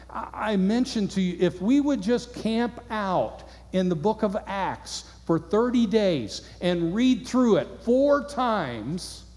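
A man's voice: sits high, a little mellow. A man preaching a sermon, reading scripture aloud and asking his listeners earnest rhetorical questions. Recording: long hall reverb.

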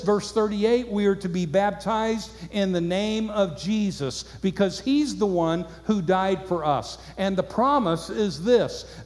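A man's voice: high voice, a little mellow. A man preaching a sermon, reading scripture aloud and asking his listeners earnest rhetorical questions. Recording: long hall reverb.

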